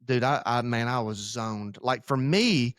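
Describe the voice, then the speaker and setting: A man's voice: medium pitch, unhurried, fairly bright tone, clean tone, no room sound. Pastor guy rambling on a church podcast, candid, pokes fun at himself, dry close sound. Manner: candid, rambling, self-deprecating. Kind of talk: casual podcast conversation.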